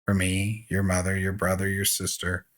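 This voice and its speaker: A gentle, calm man speaks softly and steadily to a dying child, as a man reading a game story gives him voice. His voice sits low and unhurried. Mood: tender. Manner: soft, gentle, measured.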